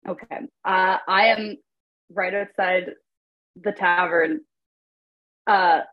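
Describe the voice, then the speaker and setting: A woman's voice: lowish voice, fairly even intonation, slow, no room sound. A woman player in a casual tabletop role-playing game, talking in a playful, giggly way. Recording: dull lo-fi mic.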